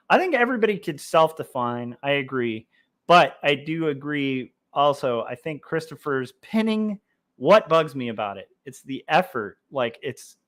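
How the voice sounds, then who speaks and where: A man's voice: mid-range voice, a bit bright. A man hosting a livestream while he draws comics, chatting casually and reading out chat messages, rambling with many fillers and restarts. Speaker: livestream host drawing comics.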